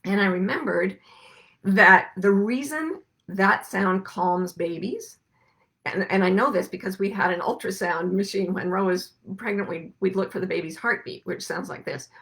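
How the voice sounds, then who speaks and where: A middle-aged woman hosting a reflective spiritual talk, speaking gently and musing, slowing down to stress her points. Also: medium pitch. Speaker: podcast host and life coach.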